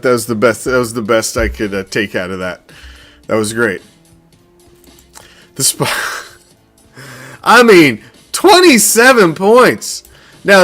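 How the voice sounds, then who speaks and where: Man, fan-show host, slightly high voice, swearing and gloating through a reaction rant, faint music underneath. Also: a bit bright. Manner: profane, gloating, laughing often. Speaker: sports podcast host.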